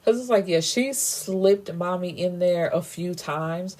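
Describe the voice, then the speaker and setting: A woman's voice: on the low side, unhurried, a little mellow. A woman casually retelling a novel's plot, acting out the characters' lines and filling her talk with "you know". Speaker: book reviewer. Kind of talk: casual book recap.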